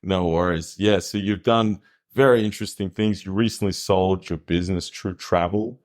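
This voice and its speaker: A man's voice: sits low, steady tone, normal speed. A man hosting a podcast, joking with his guest and laughing at his own jokes. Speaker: podcast host. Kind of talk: casual interview chat.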